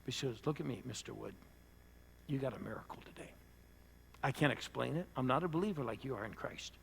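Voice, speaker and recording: An older man, a pastor, preaching to a church audience and telling a personal story, rising to loud bursts and dropping to hushed lines. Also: mid-range voice, animated, fast, vocal fry, slight background noise. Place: church service before a live audience.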